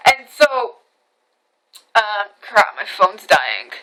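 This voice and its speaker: A woman's voice: mid-range voice, sing-song, takes it slowly, sharp tone, poor audio. A woman recording a casual storytelling vlog on her camera phone, recounting events animatedly with many restarts, repetitions and swearing. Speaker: vlogger.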